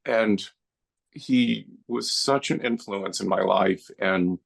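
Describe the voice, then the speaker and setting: A man's voice: on the low side, slow pace, vocal fry, husky. A middle-aged man, a guest filmmaker on a podcast, reminiscing in an earnest, heartfelt way. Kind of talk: podcast interview.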